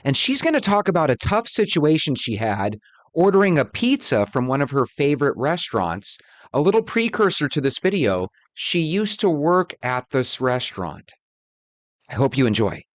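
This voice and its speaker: A man's voice: fairly high pitch, sing-song, moderate pace, no echo. Friendly man hosting, dry sound. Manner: friendly, conversational presenter. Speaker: host. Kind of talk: casual commentary.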